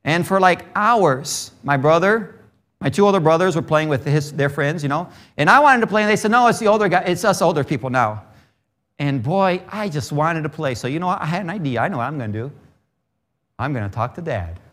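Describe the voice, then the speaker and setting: A man who grew up in Brazil delivers a sermon in a fairly high voice. He tells a story in an easy way, then preaches with growing emphasis. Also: expressive, a little fast, fairly bright tone.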